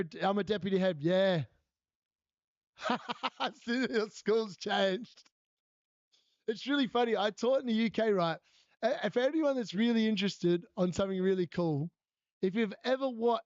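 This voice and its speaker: A man talks casually on a live stream, laughing often as he tells stories and answers viewers. His voice sits high and comes through dry and close. The audio is slightly dull and lo-fi. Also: darkish tone, no echo. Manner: chatty storyteller, laughs often, answers chat. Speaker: fantasy football streamer.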